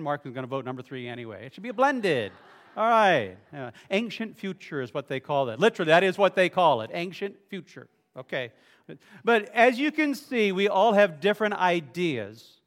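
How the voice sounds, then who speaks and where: A male pastor with a rather high voice leads his congregation through a playful sermon, teasing people in the pews by name. His words ring out with a long reverb from the church hall around him. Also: sing-song, moderate pace. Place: church sanctuary.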